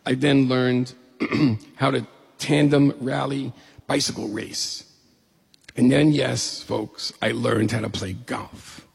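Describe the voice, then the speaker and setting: A middle-aged man from New York State telling a lively, humorous personal story, acting out the voices he quotes. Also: medium pitch, takes it slowly. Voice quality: gravelly and husky. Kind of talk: personal story told to an audience. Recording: long hall reverb.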